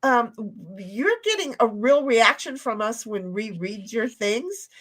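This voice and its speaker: A woman's voice: a little high, lively intonation, takes it slowly, fairly bright tone. A woman co-hosting a casual livestream chat, blunt, profane and playful. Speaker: stream co-host.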